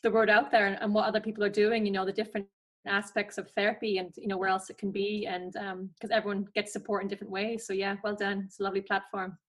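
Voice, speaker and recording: A woman's voice: medium pitch, level tone, fast talker. A woman talking about her work as a forest therapy practitioner in an enthusiastic, chatty way, with frequent restarts, as a guest on a remote call. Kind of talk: casual conversational interview.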